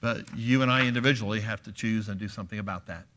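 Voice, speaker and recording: Bright-voiced earnest male preacher. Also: on the low side, quick pace. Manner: earnest, emphatic, asks repeated questions. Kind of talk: sermon. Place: church sanctuary.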